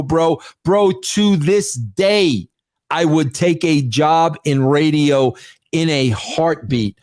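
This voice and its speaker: A man's voice: fairly high pitch, slow pace, a little mellow, no echo. A man as an interview guest, talking emphatically in casual speech and calling everyone "bro". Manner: emphatic, says "bro" constantly.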